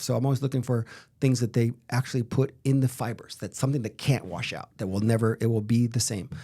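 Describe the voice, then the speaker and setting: A middle-aged man from Miami talks about his clothing brand in a loose, rambling interview. His voice is gravelly and husky, with a darker, mellow tone. He restarts often and pushes ahead with energy. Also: medium pitch. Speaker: fashion brand co-founder and head of product development. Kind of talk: casual interview talk.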